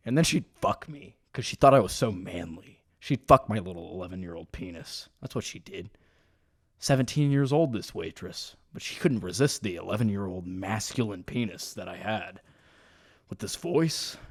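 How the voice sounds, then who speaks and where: A man's voice: fairly low pitch, a bit bright. A young man hosting a casual solo podcast, telling rambling stories full of profanity and crude jokes, talking in a room at home. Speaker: podcast host.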